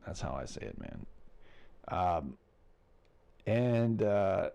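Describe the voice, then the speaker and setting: American guy doing a laid-back space weather show, low gravelly voice that swings up and down a lot. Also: wildly swooping pitch, takes it slowly, pauses often, warm tone. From United States. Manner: loose, rambling, chuckles between remarks. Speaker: host of a space weather report. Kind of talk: casual livestream commentary.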